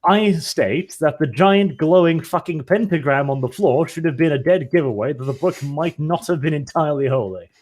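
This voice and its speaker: A man's voice: on the high side, normal speed, few pauses, darkish tone. A man at the game table making teasing objections in a mock-formal, courtroom-like tone. He sounds playful and pointed at the same time. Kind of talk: playful in-character argument during tabletop play.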